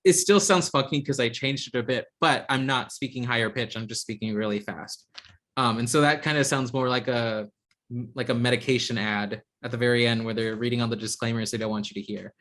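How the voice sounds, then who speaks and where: A man teaching an online software class over a video call, talking in a hesitant way with many ums and restarts. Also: mid-range voice, brisk. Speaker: instructor.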